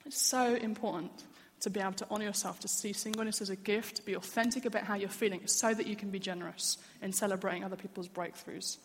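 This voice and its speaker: Woman preacher, mid-pitched, candid storytelling, long church-hall reverb. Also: steady tone, fast talker, hardly any pauses, slight background noise. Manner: earnest, candid, personal storytelling. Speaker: church speaker. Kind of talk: sermon.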